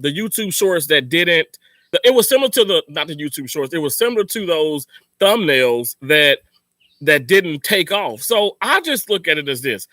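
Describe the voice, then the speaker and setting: A man with a high, bright voice talks straight to his viewers, hammering the same points again and again to fire them up. The sound is dry and close. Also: no room sound. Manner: emphatic, repetitive, motivational. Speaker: channel host. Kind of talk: casual livestream talk to viewers.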